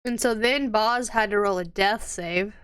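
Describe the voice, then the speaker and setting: A woman narrating as game master of a tabletop game, lively and quick to voice the townsfolk. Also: medium pitch, clear, resonant tone.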